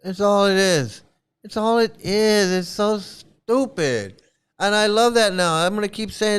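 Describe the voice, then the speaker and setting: A man talks through a casual commentary rant, blunt, exasperated and a little profane, circling back to the same points. His voice rings very smooth and resonant, sitting fairly high for a man. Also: lively intonation, slow pace. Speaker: commentary channel host.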